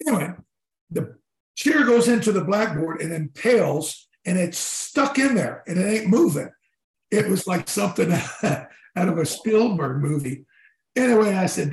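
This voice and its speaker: Animated storytelling former football player. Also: male voice, high-pitched, moderate pace, reverberant, poor audio. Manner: animated, swears, acts out teammates' lines. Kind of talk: storytelling in casual conversation.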